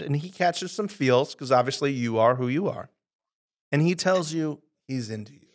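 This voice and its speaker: A man co-hosting a podcast, playful, acting out silly scenarios while asking questions. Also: mid-range voice. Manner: playful, acts out scenarios in mock voices. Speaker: podcast co-host. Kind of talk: casual podcast interview.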